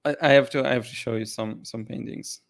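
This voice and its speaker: Here the art Q&A host has a mid-range, creaky voice with fairly even intonation, talking a little fast. Tired and yawning, he still gushes about paintings in a relaxed livestream chat, rambling through fillers and restarts.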